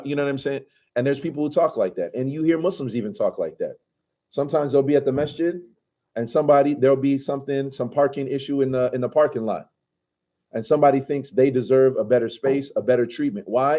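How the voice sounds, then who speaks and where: A man's voice: mid-range voice, brisk, warm tone. A man teaching a conversational scripture commentary class, casually asking his students questions and reciting Arabic passages.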